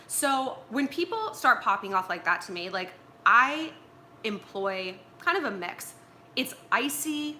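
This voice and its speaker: A woman's voice: mid-range voice, sharp tone, slight background noise. A woman from Los Angeles hosting a casual advice livestream from home, blunt and swearing freely. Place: at home with pillows and tea.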